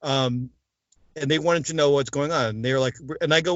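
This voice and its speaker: A man's voice: mid-range voice, brisk, no room sound. A man in a casual interview, telling his story at length and acting out the voices of the people in it. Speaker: interview guest, former mobster turned informant. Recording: dull, dry lo-fi sound.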